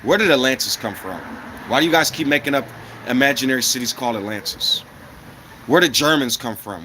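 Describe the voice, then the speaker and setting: Blunt, profane and combative, an American man rants angrily at his viewers, throwing out rhetorical question after rhetorical question and coughing occasionally. He has a mid-range voice with a sharp tone, plus a little hiss or hum.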